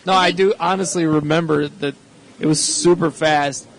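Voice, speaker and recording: A man on a casual comedy podcast telling rambling anecdotes with quick jokes. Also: a little high, fairly even intonation, low-quality recording. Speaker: podcast co-host.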